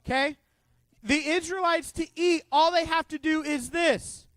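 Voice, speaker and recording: A man with a strikingly high voice leads a youth group Bible lesson. He is animated and joking, full of asides and questions for the kids. The sound is dry, with no room echo. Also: measured pace. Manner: playful and joking, quizzing the kids. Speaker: youth pastor.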